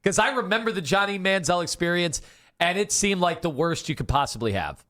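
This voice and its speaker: A male sports radio co-host talking in a measured, amused way. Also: sits high, expressive, fairly bright tone.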